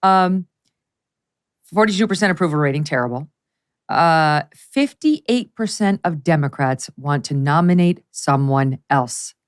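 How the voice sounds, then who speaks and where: A middle-aged woman with a slightly low voice hosts a political talk show. She talks in an animated, sardonic way and rattles off figures. The sound is close and clean. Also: a little slow, clean tone. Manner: animated, mocking voices while quoting. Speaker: podcast host. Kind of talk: casual political chat.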